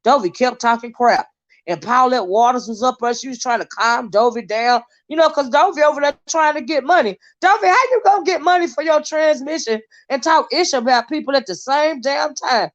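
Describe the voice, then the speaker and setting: Lady doing gossip commentary on a live stream, kinda high voice, muffled lo-fi sound. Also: fairly quick. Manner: chatty, animated, drawling asides. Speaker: YouTube commentary host. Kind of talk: casual livestream gossip commentary. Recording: dull lo-fi livestream audio.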